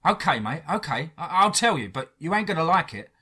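A man's voice: fairly high pitch, very animated, fairly quick, pushed and bright, husky, pitched above the performer's own voice, exaggerated voice. A man voicing an angry, defiant young man, cornered in a horror story. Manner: defiant, heated.

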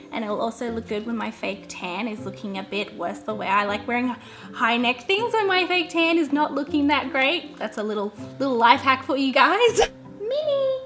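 Young woman, high-pitched, bubbly, giggly, casual vlog chat. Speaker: vlogger. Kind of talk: casual shopping haul vlog.

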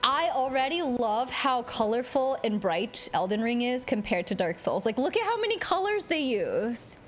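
A woman streaming a video game, reacting with giggles, gasps and excited squeals. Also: on the high side, moderate pace, slight background noise.

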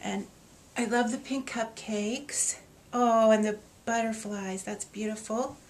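A woman's voice: fairly high pitch, steady tone, slow, darkish tone. Woman gushing and choked up on camera. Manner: emotional, gushing, laughs and gets choked up; reads a letter aloud. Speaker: author opening reader gifts. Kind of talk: casual video to readers.

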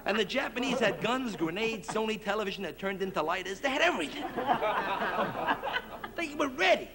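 A man's voice: high-pitched, lively intonation, a little fast, background noise. A man doing a brash stand-up comedy routine on a 1960s TV variety show, slipping into mock accents.

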